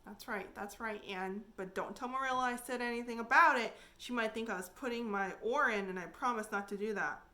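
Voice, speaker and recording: A woman voicing a shy, kindly old farmer in a storybook reading, coaxing gently. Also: a little high, a little fast, few pauses.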